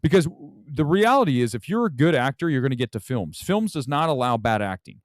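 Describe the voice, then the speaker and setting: A man hosting a casual movie talk livestream, loud, profane and rambling. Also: medium pitch, big pitch swings, fairly quick, no room sound, clean studio sound. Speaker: movie talk show host.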